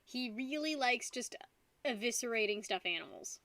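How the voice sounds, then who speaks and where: A woman's voice: a little high, animated, normal speed, sharp tone. A young woman streaming casually, tipsy from wine, rambling and giggling while talking to her dog. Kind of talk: casual live-stream chat.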